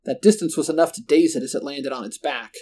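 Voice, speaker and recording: A man narrating a first-person horror story in a steady, measured way. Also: on the high side.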